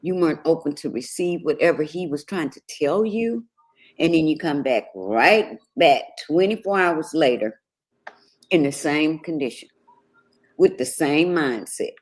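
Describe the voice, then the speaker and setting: A woman reverend guest-hosting a morning talk show, teaching in a steady, sermon-like way. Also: deep voice, unhurried. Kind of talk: casual morning show chat.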